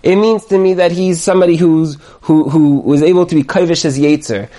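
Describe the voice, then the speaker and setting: A man's voice: brisk, hardly any pauses. A man teaching a Torah class, telling stories and acting out the people in them. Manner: animated storyteller, jumps high to act out quoted voices. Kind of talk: lively Torah class with acted-out scenarios.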